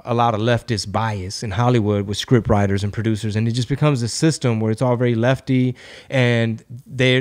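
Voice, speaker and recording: A man hosting a casual comedy podcast, profane and riffing, slipping into quick impressions. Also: mid-range voice. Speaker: podcast host.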